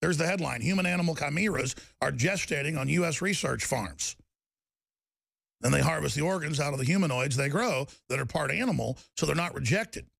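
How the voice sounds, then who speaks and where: A middle-aged man hosting a talk show, delivering an impassioned ranting monologue that swings from loud outbursts to low, intense passages. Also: expressive, brisk, gravelly, dry recording.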